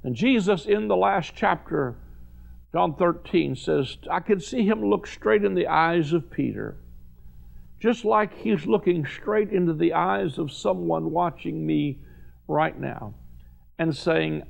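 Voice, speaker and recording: A man's voice: a little high, expressive, unhurried, vocal fry. A man preaching a sermon to viewers, fervent and emphatic, repeating phrases for stress. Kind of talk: televised sermon.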